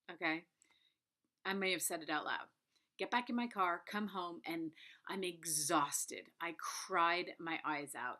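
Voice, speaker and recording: Bright clear woman in her 50s, confiding vlog storytelling, emphatic, slips into whispers. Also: lowish voice. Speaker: vlogger. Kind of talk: personal storytelling to camera.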